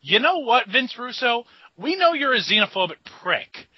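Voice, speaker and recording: A man's voice: very high-pitched, sing-song, normal speed, husky, no room sound. A man co-hosting a casual podcast, blunt and exasperated. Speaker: podcast co-host. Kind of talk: casual chat. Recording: dry, dull lo-fi sound.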